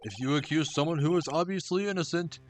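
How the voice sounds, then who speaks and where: A man's voice: on the high side, fast talker, music in the background, lightly acted. A man voicing a stern older male courtroom judge in a video game, speaking formally. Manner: formal, officious.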